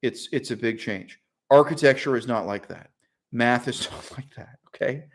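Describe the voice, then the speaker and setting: A middle-aged man holds forth in a casual monologue at an ordinary pitch. His talk is animated and opinionated. He speeds up in bursts, throws in fillers and breaks into short laughs. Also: normal speed. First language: English. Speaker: channel host.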